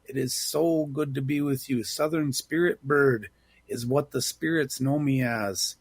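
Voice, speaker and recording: A man's voice: medium pitch, unhurried, breathy edge, no room sound. A man speaking earnestly as a guest on a talk program. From Bad River, Wisconsin. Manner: earnest, heartfelt. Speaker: guest, civic engagement manager. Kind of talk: radio interview.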